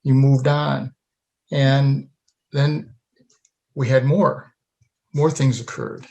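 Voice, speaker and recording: A man hosting an interview, speaking in a measured, supportive way. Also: medium pitch, steady tone, gravelly, a little mellow, lo-fi sound. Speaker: podcast host. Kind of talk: interview conversation.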